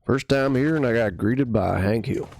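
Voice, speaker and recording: A man's voice: medium pitch, moderate pace, creaky, noisy background. A man giving casual gameplay commentary on a live stream, wry and joking as he plays. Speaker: game streamer.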